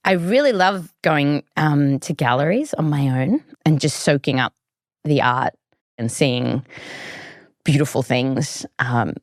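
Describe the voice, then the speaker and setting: Chatty Australian woman, lower-pitched. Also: dry recording, clean studio sound. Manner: chatty, lots of likes and ums. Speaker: podcast host. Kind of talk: conversational storytelling.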